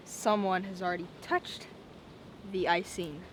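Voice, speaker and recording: A woman's voice: fairly high pitch, normal speed, bright, forceful tone, slight background noise. A young woman making a casual daily vlog, chatty and rambling, often repeating herself and saying "like". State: out of breath. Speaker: vlogger.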